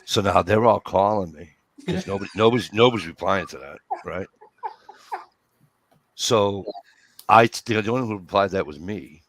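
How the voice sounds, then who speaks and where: A man casually telling a story among friends, profane and animated, acting out what everyone said. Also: sits low, normal speed, pauses often, slight background noise. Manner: profane, animated storyteller who acts out quotes. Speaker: host.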